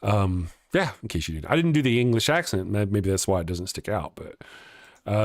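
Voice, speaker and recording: A man's voice: lowish voice, sing-song, a little fast. A middle-aged man hosting a casual livestream morning show, chatting, joking and greeting viewers, laughing often and restarting his words. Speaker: host of a live morning show. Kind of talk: casual livestream chat reading viewer comments.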